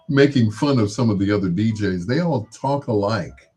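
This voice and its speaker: A lively-voiced man hosting late-night radio with a low, husky tone. He teases, laughs at his own jokes and rolls through shout-outs in easy DJ patter. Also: normal speed, faint music behind. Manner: playful, laughing asides, mock-imitates other DJs. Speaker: radio show host.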